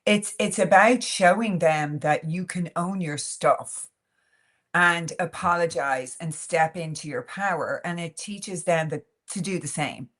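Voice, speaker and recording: An Irish woman appears as a podcast guest in a candid, casual interview, speaking frankly and animatedly with lots of "like" and "you know." Her voice is lowish and a bit bright, at a measured pace.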